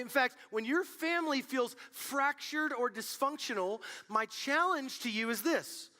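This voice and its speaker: A young man preaches to a youth group in a loose, chatty way, full of little fillers. His voice sits high and sounds bright and forceful. He tells stories with animated energy. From Colorado. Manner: casual, animated storytelling with many fillers. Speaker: youth pastor. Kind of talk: youth sermon.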